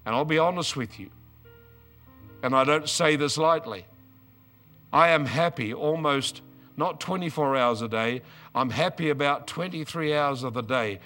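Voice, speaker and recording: An older man preaching a storytelling sermon, moving from quiet asides to loud, excited outbursts. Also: a little high, normal speed, pauses often, faint music behind.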